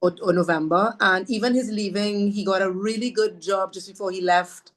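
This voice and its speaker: At a moderate pace, with a mid-range voice and fairly even intonation, a woman from Trinidad shares something heartfelt and personal on a podcast. She is earnest and devout, repeating phrases for emphasis and speaking of her faith warmly.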